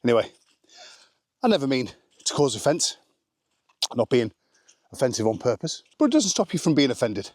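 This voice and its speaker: His mid-range voice swings widely in pitch, at a moderate pace with frequent pauses. Recorded in studio quality with no echo, this vlogger chats outdoors on his rural smallholding about family life abroad, rambling and poking fun at himself, full of "um" and "anyway."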